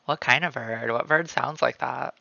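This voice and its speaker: A man streams from home as he draws, with a cat close by, chatting casually and rambling with plenty of "like" while calling himself by name in the third person. His medium-pitched voice is gravelly, bright and forceful at a moderate pace. The recording is dry but muffled.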